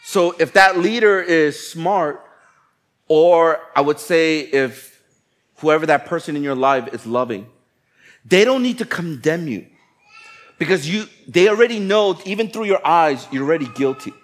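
A man's voice: a little high, expressive, measured pace. A man preaching a sermon in a conversational, playful way, acting out people's thoughts as he goes. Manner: conversational, playful preaching with acted-out inner voices. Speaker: pastor.

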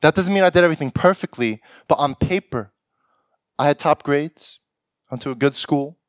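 A man's voice: on the high side, normal speed, no room sound, studio quality. A young man giving a sermon, often laughing and acting out the lines of people he imagines. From Korean heritage. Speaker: pastor. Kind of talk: sermon with acted-out quotes.

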